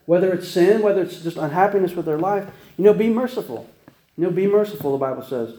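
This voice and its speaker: A man's voice: high-pitched, fast, dark tone, roomy sound, poor audio. A man preaching a casual sermon, chatty and folksy, with many restarts and laughing at himself as he tells stories.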